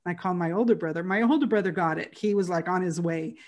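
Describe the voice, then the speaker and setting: A woman hosting a podcast, telling a personal story in a heartfelt, halting way with many restarts. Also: fairly low pitch, a little mellow. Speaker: podcast host.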